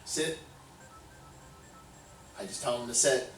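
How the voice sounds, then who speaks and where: A man's voice: medium pitch, takes it slowly, very noisy. A man playing a tabletop role-playing game, talking brashly and joking as his dwarf character. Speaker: player. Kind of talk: tabletop role-play chat. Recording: roomy, distant, music behind.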